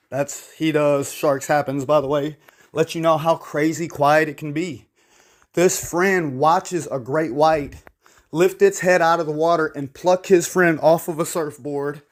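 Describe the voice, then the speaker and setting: A man giving casual video commentary in a blunt, opinionated, rambling way. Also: a little high. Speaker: YouTube commentator.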